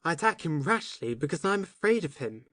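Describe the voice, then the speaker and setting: A woman's voice: low-pitched, big pitch swings, fairly bright tone, dry recording, studio quality. A woman reading an earnest young man. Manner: quick, earnest. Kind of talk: audiobook narration.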